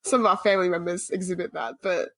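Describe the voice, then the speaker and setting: Podcast co-host, woman, lower-pitched, casual and chatty, dry close mic. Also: fast talker, no echo. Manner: chatty, swears casually, lots of "like".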